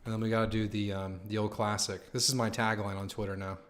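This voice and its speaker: A young man hosting a live stream, chatting casually with his viewers, excited and slangy, swearing and saying "man" and "dude" a lot. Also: lowish voice, fast talker, slight background noise. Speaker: livestream host.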